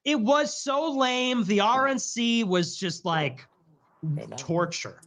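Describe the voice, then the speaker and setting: A man's voice: very high voice, animated, slow pace, fairly bright tone. A man in casual livestream chat, joking and rambling with frequent laughter.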